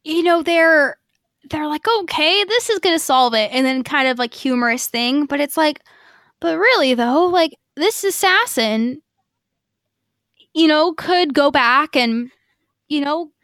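A woman podcast co-host recaps an episode in a loose, chatty way, swearing and slipping into quoted lines. Her voice sits high. The sound is dry and close to the mic. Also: slow pace, long pauses, fairly bright tone, no room sound. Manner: chatty, profane, lots of fillers and acted quotes.

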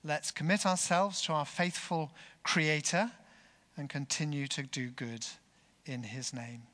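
A man delivers a sermon in a slow, deliberate pace, his earnest storytelling carried on a bright, clear voice. A long church reverb trails every phrase. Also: a little high, fairly even intonation. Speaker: preacher.

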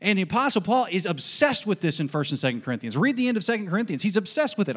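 A man preaching a sermon as pastor, emphatic and folksy, repeating questions and answers in a steady call-and-response rhythm. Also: high-pitched, rapid-fire, hardly any pauses, husky. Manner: folksy asides with light laughs.

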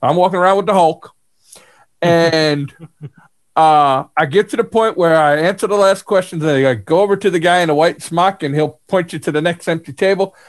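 High-voiced man hosting a podcast. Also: moderate pace. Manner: animated storyteller who laughs often. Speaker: podcast host. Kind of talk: casual chat.

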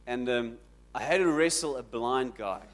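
A man preaching a sermon, building to loud, dramatic peaks as he retells the story. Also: medium pitch, normal speed. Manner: dramatic, rising to shouts when quoting. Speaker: pastor.

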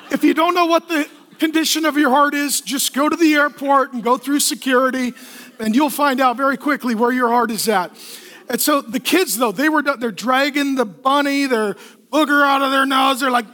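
A man preaching a sermon as pastor, telling stories in an animated way, acting out voices and asking the congregation to answer back. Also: very high-pitched. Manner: animated storytelling with acted kid voices, asks the congregation for responses.

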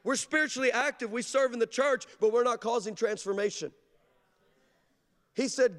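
A man's voice: very high-pitched, normal speed, long pauses, a bit bright. A male pastor preaching an emphatic sermon, telling stories with humor. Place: large church. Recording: long hall reverb.

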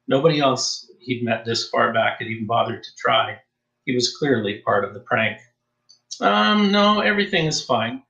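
A man narrates a suspense story in a steady, mid-pitched audiobook voice. The recording has a roomy echo around it. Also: creaky, highs cut off. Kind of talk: scripted narration.

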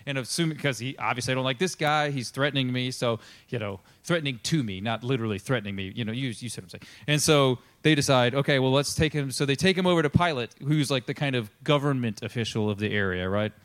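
Male pastor, casual sermon delivery, mid-pitched, playful with quoted voices. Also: fast, hardly any pauses, fairly bright tone. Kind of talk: conversational sermon.

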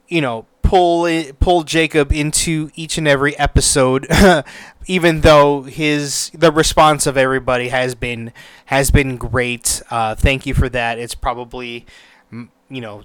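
A young man hosts his own podcast in a medium-pitched, slightly bright voice with a clear, resonant tone and no room sound. His solo talk is casual and rambling, packed with fillers and restarts, with the occasional swear word thrown in.

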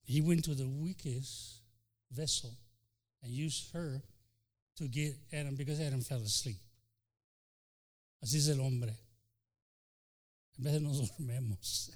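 A man preaching a sermon as pastor, swinging between loud declarations and hushed lines, and acting out quoted voices. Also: medium pitch, unhurried, pauses often. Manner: fervent preaching with sudden shifts from loud to soft; acts out quoted voices, including the devil. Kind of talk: bilingual sermon.

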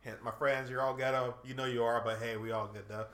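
A man's voice: mid-range voice, fairly even intonation, brisk, a bit bright, reverberant. A man co-hosting a casual talk podcast, easygoing and slangy. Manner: laid-back, agreeable, slangy. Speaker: podcast co-host. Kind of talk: casual chat.

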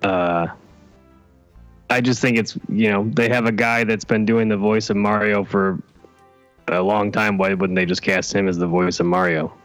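A man with a fairly low voice chats casually on a comedy podcast. He makes his points in a plain, matter-of-fact way, with faint music behind him. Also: steady tone, moderate pace, fairly bright tone.

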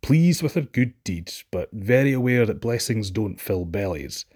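Husky-voiced Scottish man telling a folk tale. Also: on the low side, normal speed. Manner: lively and expressive. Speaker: storyteller.

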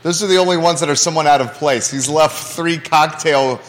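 A man's voice: a little high, fairly quick, long reverb tail. A man co-hosting a live chat show, teasing his partner, laughing often and reading viewer comments aloud. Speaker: co-host.

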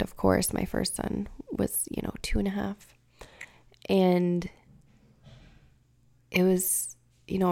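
Emotional woman with a gravelly voice. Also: fairly low pitch. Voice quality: gravelly fry. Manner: candid, emotional, searching for words. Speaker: podcast host. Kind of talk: casual personal monologue.

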